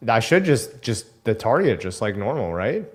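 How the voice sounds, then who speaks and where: A man co-hosting a live coding stream, easygoing and teasing, with quick short replies. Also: on the low side, very animated, a little mellow. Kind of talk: casual technical chat.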